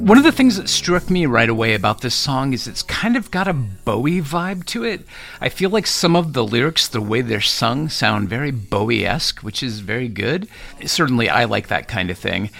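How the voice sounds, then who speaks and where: A man's voice: medium pitch, big pitch swings, moderate pace, creaky, a bit bright, faint music behind. A man co-hosting a podcast, chatting casually about songs and laughing at himself now and then. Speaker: podcast co-host reviewing songs. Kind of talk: casual chat.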